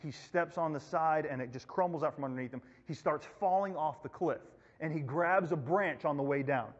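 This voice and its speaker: High-voiced youth pastor in an echoey hall. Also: male voice, brisk. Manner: casual, storytelling, acts out quotes. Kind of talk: Bible lesson for youth. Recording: echoey hall, muffled lo-fi recording.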